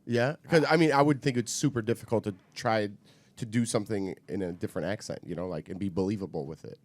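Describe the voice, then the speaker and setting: A man's voice: fairly low pitch, quick pace, no room sound. A man co-hosting a talk show, joking around casually. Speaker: co-host. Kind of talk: casual interview chat.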